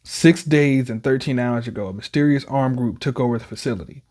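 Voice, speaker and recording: A man reading the lines of a calm, long-winded male lab chief in a measured, explaining way, close to his own voice. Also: medium pitch, natural voice.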